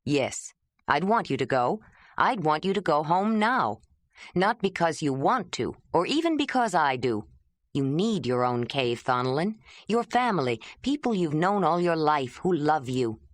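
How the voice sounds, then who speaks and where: A woman's voice: low-pitched, very animated, unhurried, no room sound, studio quality. Woman voicing a grieving young man. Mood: grieving, defiant. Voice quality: pleading, emotional. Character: proud young man, grieving, restless wanderer.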